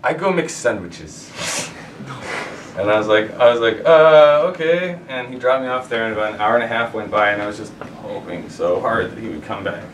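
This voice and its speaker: A man telling a personal story live on stage, rambling and halting, with restarts and swearing. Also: fairly low pitch, fairly even intonation, fairly bright tone. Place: live venue with an audience. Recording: roomy, distant live recording with noise.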